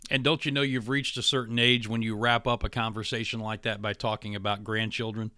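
Bright-voiced middle-aged male radio host. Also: fairly low pitch, level tone, a little fast, clean tone, no room sound, studio quality. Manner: brief, affirming questions. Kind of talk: interview.

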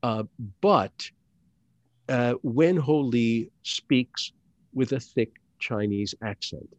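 A middle-aged man, an actor and audiobook narrator, speaking as an interview guest in a deliberate, hesitant way with many fillers and restarts. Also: mid-range voice, lively intonation, no room sound. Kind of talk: conversational interview. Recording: dull lo-fi dry sound.

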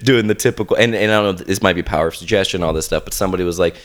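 A very deep-voiced man hosting a casual podcast, a little sick and coughing now and then. His talk is playful and animated, jumping up in pitch when he gets excited. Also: very fast, hardly any pauses. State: under the weather, coughing. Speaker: podcast host.

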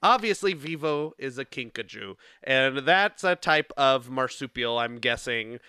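Male co-host, mid pitch, bright and clear, dry close recording; loose, giggly storyteller. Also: lively intonation, a little slow, no echo. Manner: rambling and playful, laughs often, many fillers. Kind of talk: casual chat, rambling plot retelling.

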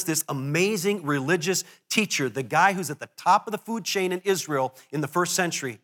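Pastor, male, lighter high voice, animated storyteller with joking asides. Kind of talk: sermon. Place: church before a congregation.

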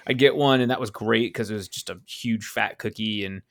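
A man's voice: on the low side, fairly quick, fairly bright tone. A man co-hosting a casual podcast chat, rambling and restarting his sentences. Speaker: podcast co-host.

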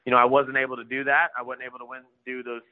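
Man, slangy storyteller, middle pitch, tinny phone-like audio. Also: monotone, very fast. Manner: laid-back, slangy, acts out quoted dialogue. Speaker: motocross rider and trainer. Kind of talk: casual storytelling interview.

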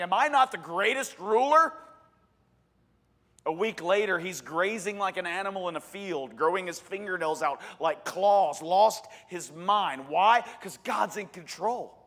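A man preaching a sermon as a pastor, animated, with joking asides and sudden loud emphasis. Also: sits high, big-room sound.

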